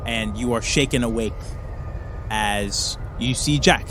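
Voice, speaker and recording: A man's voice: on the low side, measured pace, a bit bright, no echo. A man narrating as game master of a tabletop game, loose and filled with "like" and "kind of". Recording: music underneath.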